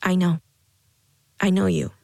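A woman reading the part of a loyal, tender young woman, speaking softly and earnestly. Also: on the low side, fairly even intonation, a little slow, creaky, no room sound.

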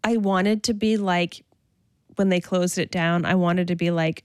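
A woman's voice: on the low side, fairly even intonation, unhurried, darkish tone, smooth, no echo, studio quality. A woman nurse speaking bluntly and emphatically in an interview. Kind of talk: interview recollection.

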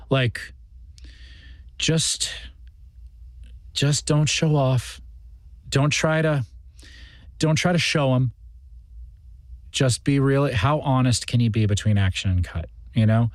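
A male actor speaking in an interview and working through his thoughts with fillers and restarts. His voice is of medium pitch, and the sound is dry and close. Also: dry recording. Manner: reflective, rambling, many fillers and restarts. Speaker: guest actor. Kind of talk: interview conversation.

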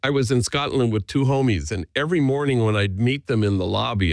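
A man, a priest being interviewed, speaking earnestly and gently as he tells stories. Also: fairly low pitch, creaky, no echo. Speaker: Jesuit priest, guest. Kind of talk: reflective conversational storytelling.

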